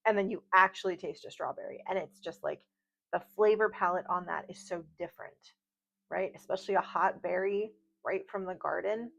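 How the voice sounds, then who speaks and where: A woman's voice: on the low side, moderate pace, gravelly, fairly bright tone. A woman giving a casual tarot reading at home at night, chatty and rambling, with light laughs and side stories. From United States. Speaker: tarot reader. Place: home at night, outdoor noise faint. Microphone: video call style home recording. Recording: slightly dull, lo-fi home recording.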